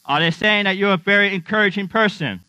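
A man's voice: high-pitched, fast, bright, forceful tone, no room sound. A middle-aged man preaching a sermon as pastor, humorous and conversational, often asking the congregation questions. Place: church. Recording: dull, slightly lo-fi dry sound with mains hum.

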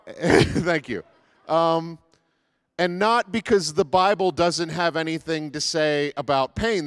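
A man's voice: fairly high pitch, no echo, studio quality. A man giving a casual, joking sermon as pastor, with many fillers and restarts.

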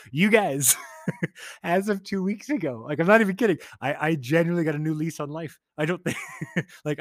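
Casual male storyteller, profane and excitable, quick delivery, dry close sound. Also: fairly high pitch, no room sound. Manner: profane, excitable, self-interrupting rambling.

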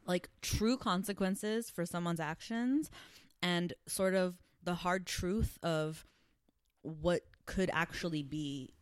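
A woman's voice: fairly low pitch, slow pace, clean tone, no room sound, studio quality. A woman co-hosting a podcast in casual chat, opinionated and making her case. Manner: opinionated, argues her reading of the episode. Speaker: podcast co-host.

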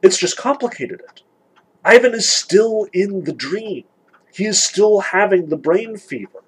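A man lecturing on a novel, animated, sarcastic and emphatic, reading passages aloud. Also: high voice, measured pace, breathy edge, rough recording. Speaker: literature lecturer.

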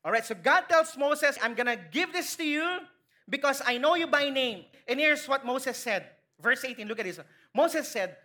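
A Filipino woman delivers a sermon in a high, bright voice. She keeps asking her listeners questions and playfully acts out quoted lines as she teaches. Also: normal speed. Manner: lively, questioning the congregation, acting out quotes. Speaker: preacher.

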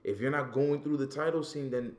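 A man in casual, animated, profane chat about wrestling as a podcast co-host, often repeating words as he gets going. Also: medium pitch, brisk.

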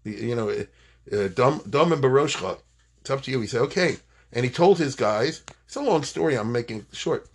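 A man giving an informal Torah class, animated and digressive, mixing in Hebrew phrases and retelling war stories. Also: medium pitch, fairly quick, slightly rough. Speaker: Torah teacher.

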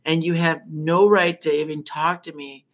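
A man co-hosting a casual podcast, trash-talking his friend with drawn-out, boastful taunts. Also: a little high, little pitch movement, a bit bright. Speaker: podcast co-host. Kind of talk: casual crude chat.

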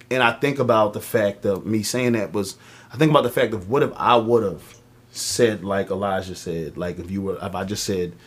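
A young man, telling a long story on a casual podcast, with many ums and acted-out voices for the people in it. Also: medium pitch. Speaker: podcast co-host.

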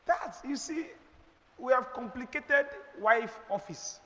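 A man's voice: very high-pitched, lively intonation, takes it slowly, long reverb tail. A middle-aged man with a Nigerian accent, preaching emphatically and rhetorically as a pastor answering questions in a church. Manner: emphatic, rhetorical, preacherly, with sudden loud bursts.

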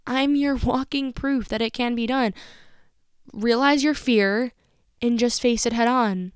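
A woman's voice: fairly high pitch, measured pace, clean tone, no room sound, clean studio sound. A young woman hosting a podcast, giving candid, motivational advice in casual slangy talk. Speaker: podcast host.

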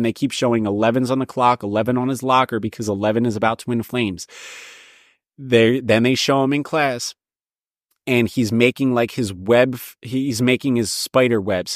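A man's voice: medium pitch, dry recording, clean studio sound. A man hosting a show, talking in a casual monologue that rambles and repeats points with frequent restarts. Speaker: show host.

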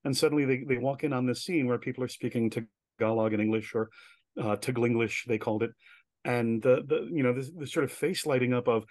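A man's voice: mid-range voice, brisk, no room sound. Chatty storytelling man, dry close sound. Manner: chatty, animated storyteller with filler words. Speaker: guest, director and writer. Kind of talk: casual storytelling interview.

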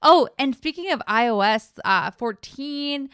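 A woman's voice: sits high, expressive, unhurried, fairly bright tone, no room sound, clean studio sound. A woman co-hosting a casual tech podcast, playful and teasing, giggling between lines. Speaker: podcast co-host.

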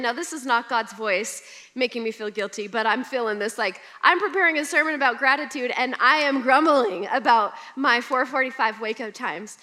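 A woman's voice: high-pitched, expressive, moderate pace, pushed and bright. A young woman preaching a sermon, telling personal stories in a conversational, humorous way. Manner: conversational storytelling with humor and laughter.

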